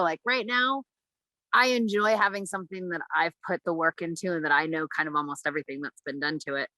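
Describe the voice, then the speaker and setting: A woman chatting as a guest on a talk show, easygoing and quick to laugh. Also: fairly low pitch, animated, sharp tone, no echo, rough recording. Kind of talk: casual chat.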